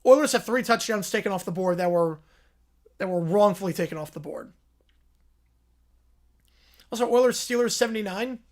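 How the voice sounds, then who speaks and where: A man's voice: sits high, moderate pace, long pauses, a little mellow. A man hosting a livestream, reacting aloud in casual chat and thanking viewers. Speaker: livestream host.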